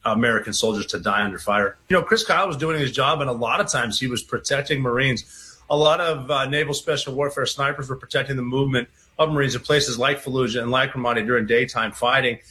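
A man speaking as a veteran guest in an interview clip, earnest and halting. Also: mid-range voice, bright, forceful tone.

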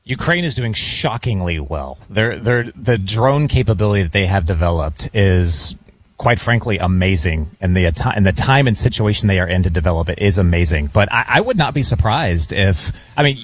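A man's voice: lowish voice, lively intonation, a little fast, breathy edge, no echo. A man guesting on a talk radio show, giving earnest, explanatory answers with small restarts.

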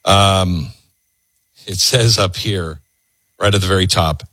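A man's voice: deep voice, slow pace, bright, forceful tone, no echo. A man hosting a political talk radio show, ranting sarcastically. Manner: sarcastic, ranting, mocking voices.

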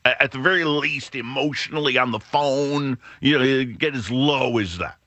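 Man, middle-aged, podcast host, self-deprecating rambling monologue, bright tone, dry close sound. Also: medium pitch, moderate pace, no echo. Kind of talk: casual monologue.

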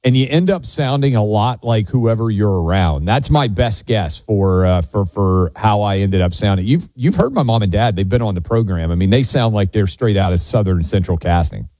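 A man's voice: on the low side, animated, moderate pace, hardly any pauses, warm tone, no room sound. A man from Tennessee with no Southern accent, co-hosting a talk radio show in a loose, chatty way. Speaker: radio co-host.

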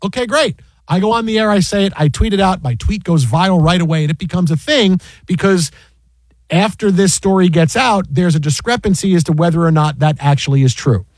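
A man who works as a sports broadcaster, telling an animated anecdote with many restarts and an incredulous tone. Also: sits high, a little fast, dry recording.

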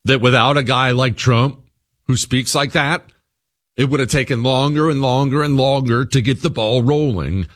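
A man's voice: mid-range voice, normal speed, fairly bright tone. A man hosting his own radio show speaks in a middle register. He delivers an opinion monologue and stacks repeated phrases for emphasis.

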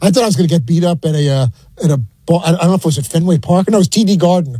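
Ny guy talking fast and kinda high, rambling, keeps restarting, dry close sound. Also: mellow, breathy edge, dry recording, rough recording. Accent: New York. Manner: halting, many restarts. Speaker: radio show regular. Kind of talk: rambling anecdote.

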